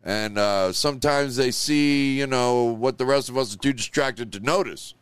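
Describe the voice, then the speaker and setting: A man's voice: mid-range voice, normal speed, smooth, no echo. A man hosting a live show, talking in a loose, emotional, rambling monologue full of "you know" and "like.". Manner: emotional, rambling, heavy on 'you know' and 'like'. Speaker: show host.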